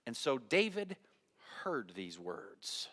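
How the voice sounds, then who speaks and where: In a church sanctuary with long hall reverb, a pastor with a mid-range, sharp voice preaches a sermon slowly, his pitch swinging widely. He tells a Bible story dramatically, acting out the biblical voices and putting questions to the congregation.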